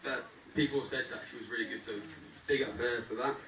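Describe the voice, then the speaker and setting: At his wedding reception, a young man delivers a grateful, joking groom's speech aimed directly at the crowd. He talks briskly in a steady, mid-range voice. The far-off mic catches a little hiss or hum, hall echo, and guests loudly laughing and chatting.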